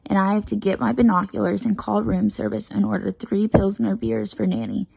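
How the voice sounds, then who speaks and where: A woman reading a children's picture book aloud in a lively first-person storytelling manner, taking on a bossy child's chatter. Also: medium pitch, fairly quick, gravelly, husky, no echo, low-quality recording.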